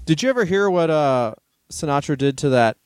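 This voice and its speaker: A man's voice: a little high, big pitch swings, fairly quick, clean tone, no echo. A man co-hosting a comedy podcast, telling stories in casual chat and laughing often. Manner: storytelling, reads out history passages, laughs often.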